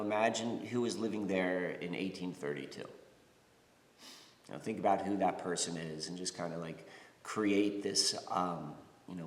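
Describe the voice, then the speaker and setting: Rambling man in a roomy echo. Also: low voice. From United States. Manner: rambling, many fillers and restarts. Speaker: spiritual podcast host. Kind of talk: casual spiritual talk. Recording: roomy reverberant space.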